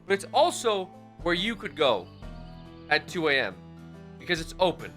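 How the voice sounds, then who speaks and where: A man's voice: fairly high pitch, sing-song, moderate pace, a bit bright, faint music behind. A man livestreaming a game, talking loosely and jokingly to his chat, swearing and calling them dude. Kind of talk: casual gameplay stream chat.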